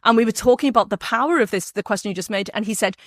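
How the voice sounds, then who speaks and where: A woman from Merseyside with a softened Liverpool accent, talking as an interview guest in a lively way, often restarting her sentences. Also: mid-range voice, no echo, studio quality. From Merseyside, England. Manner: animated, quick, with frequent restarts and laughs. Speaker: guest, biographer. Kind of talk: casual interview talk.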